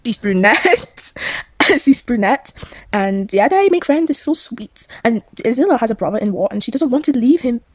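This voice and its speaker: Young woman, chatty rambling recap vlogger, high bouncy voice, dry close sound. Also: expressive, fairly quick, warm tone, dry recording. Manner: chatty, rambling, giggly, acts out characters' lines. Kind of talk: casual story recap.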